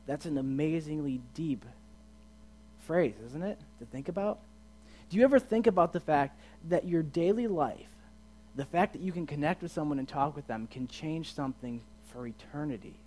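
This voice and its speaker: A man giving a casual sermon as a youth pastor, chatty and asking his listeners questions, swinging from quiet to loud and emphatic. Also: on the high side, moderate pace. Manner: chatty, asks the audience questions.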